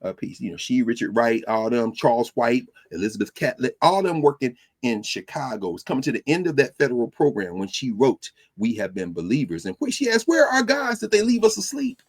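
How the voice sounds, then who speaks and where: Animated, husky-voiced man lecturing. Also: medium pitch, fairly quick, few pauses. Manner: preacherly, animated, mixing quotes and asides. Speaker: podcast host and teacher. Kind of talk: lecture-style commentary.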